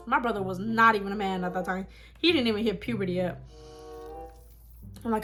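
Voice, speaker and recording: A young woman telling a story on her mukbang vlog in a casual, animated, dramatic way, with bursts of laughter. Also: medium pitch, moderate pace, long pauses, faint music behind. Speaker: vlogger. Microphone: phone.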